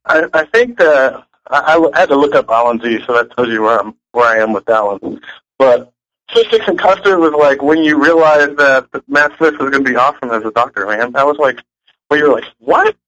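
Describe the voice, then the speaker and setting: A man on a podcast panel, laid-back and animated, tossing in "man" as he talks. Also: mid-range voice, a little fast, dry recording, lo-fi sound. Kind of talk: casual panel chat.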